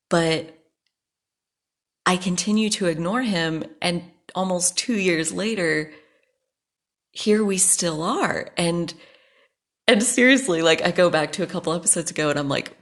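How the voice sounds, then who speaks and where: A woman hosting a podcast, talking frankly and at length about her life, swearing freely when angry. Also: sits low. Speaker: podcast host. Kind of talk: personal monologue.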